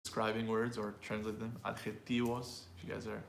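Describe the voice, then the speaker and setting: A man's voice: on the low side, completely flat delivery, fairly quick, gravelly, a little hiss or hum. Man, pronunciation teacher, live online class, explanatory, repeats himself, roomy echo. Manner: explanatory, repeats and restarts words.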